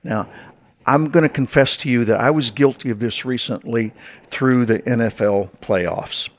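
A man's voice: medium pitch, moderate pace. A man preaching a sermon as pastor to his congregation, in a conversational way with wry asides.

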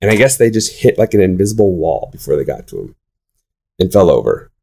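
A young man in casual conversation, telling animated stories with many fillers and restarts. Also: deep voice, brisk, vocal fry. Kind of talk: casual chat.

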